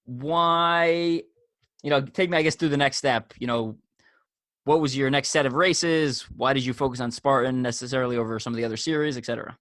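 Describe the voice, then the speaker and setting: A man's voice: mid-range voice, fairly even intonation, brisk, a bit bright, no room sound, studio quality. A man hosting a casual interview, asking rambling, friendly questions. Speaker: podcast host.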